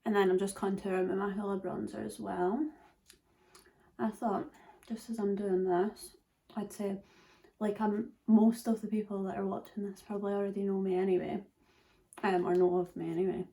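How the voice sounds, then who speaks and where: A woman's voice: medium pitch, flat delivery, normal speed, creaky, mellow. A nineteen-year-old Scottish woman chatting casually through a makeup tutorial, full of fillers and dropping into whispers at times. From Scotland. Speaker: beauty vlogger.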